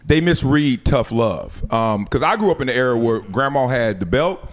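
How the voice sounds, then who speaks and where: A man hosting a podcast, talking in a casual, animated way and swearing freely. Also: mid-range voice, moderate pace. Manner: animated, swears freely, acts out voices of others. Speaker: podcast host. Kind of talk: casual chat.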